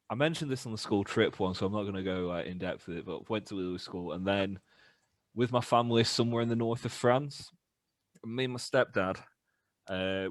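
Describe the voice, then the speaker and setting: A young British man in a band, casually telling animated stories on a podcast and acting out the voices. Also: lowish voice, no echo. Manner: animated anecdotes with laughs and acted-out voices. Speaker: band member podcast host. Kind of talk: casual storytelling chat.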